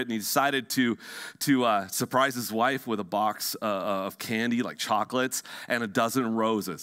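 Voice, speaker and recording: A male pastor delivers a sermon with a bright, forward tone and a middle-pitched voice. He preaches with animation, pressing hard on some points and dropping almost to a hush on others. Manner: animated preaching, swings from emphatic to hushed. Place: church sanctuary.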